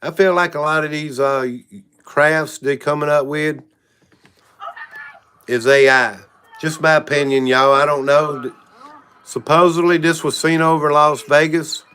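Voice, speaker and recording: A man's voice: on the high side, fairly even intonation, unhurried, sharp tone, a little hiss or hum. A man hosting a casual livestream. He rambles frankly and keeps saying "y'all". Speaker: channel host.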